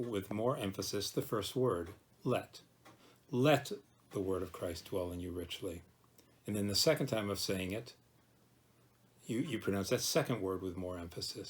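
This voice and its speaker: A man with a low voice gives a devotional talk as a pastor. He speaks gently and reflectively, slowing down to dwell on each word of a scripture verse.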